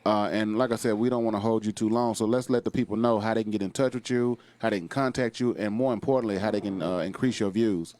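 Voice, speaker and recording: A man's voice: fairly low pitch, steady tone, fast talker, hardly any pauses, darkish tone. A man hosting a casual interview and telling his own comedy stories in laid-back talk. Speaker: podcast host, comedian.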